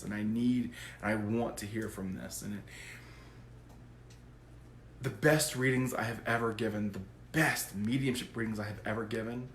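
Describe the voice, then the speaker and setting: A man who works as a psychic medium, explaining his work to camera in a goofy, animated way. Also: mid-range voice, reverberant, slight background noise. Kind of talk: casual talk to camera.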